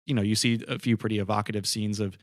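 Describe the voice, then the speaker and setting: Low-voiced man musing about a film. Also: steady tone, fast, dry recording, studio quality. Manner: thoughtful, many fillers. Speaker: podcast co-host. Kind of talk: casual film discussion.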